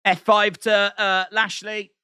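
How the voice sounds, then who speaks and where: A man's voice: high-pitched, little pitch movement, takes it slowly, sharp tone, clear, resonant tone, no echo, clean studio sound. A man reacting live to a wrestling show, repeating lines and laughing at his own jokes.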